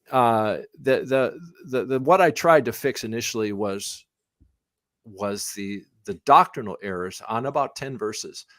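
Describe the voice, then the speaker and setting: A man's voice: lowish voice, dry recording, clean studio sound. Middle-aged man rambling through a Q&A. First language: English. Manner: rambling with many restarts, animated when telling stories. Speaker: missionary pastor and Bible translation theologian. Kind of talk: live Q&A conversation.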